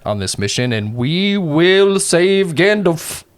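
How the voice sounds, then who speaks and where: A man's voice: medium pitch, big pitch swings, measured pace, clean tone. A man playing a formal male elf adventurer who speaks in stiff, archaic phrasing. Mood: solemn.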